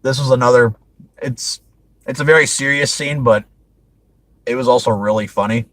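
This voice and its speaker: Brief: male host, mid-pitched, dry close sound, chatty and rambling, laughs a lot. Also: normal speed, a bit bright, dry recording, low-quality recording. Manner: rambling, laughs often, frequent restarts. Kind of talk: casual movie review chat.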